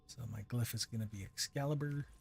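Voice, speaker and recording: A man's voice: mid-range voice, fairly quick, a little hiss or hum. A man casually commenting while he streams a game, rambling and poking fun at himself. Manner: rambling, self-deprecating.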